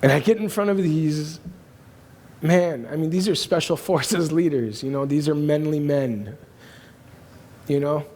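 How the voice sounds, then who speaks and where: A man's voice: a little high, a little slow, long pauses, a little mellow. A man preaching a sermon, telling a personal story in an earnest, emphatic way. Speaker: pastor. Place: church auditorium. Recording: long hall reverb.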